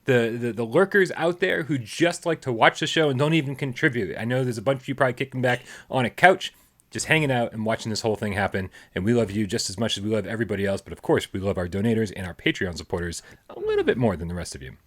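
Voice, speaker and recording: A man hosting a casual live gaming podcast, talking quickly and cheerfully as he wraps up the show. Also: medium pitch, sing-song. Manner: fast, upbeat sign-off patter. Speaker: podcast host.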